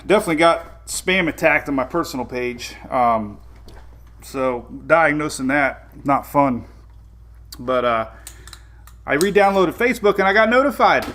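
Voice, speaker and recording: A man's voice: on the high side, lively intonation, a little slow, a bit bright. A man with a Southern US accent hosting a casual weather live stream, rambling and greeting viewers by name. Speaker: weather show host.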